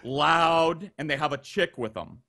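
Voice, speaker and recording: A man on a remote call telling a crude podcast story. He talks in a raised, lively pitch that leaps up and down, and he swears and plays out each person's lines himself. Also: a little slow. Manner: profane, animated, acts out quoted voices. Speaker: guest storyteller.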